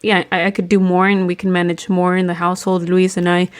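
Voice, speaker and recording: A woman's voice: on the low side, little pitch movement, fast, clear, resonant tone. A woman co-hosting a casual podcast chat, rambling and hesitant, with a few Spanish phrases. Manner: rambling, hesitant, many fillers and restarts, some Spanish phrases. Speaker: podcast co-host.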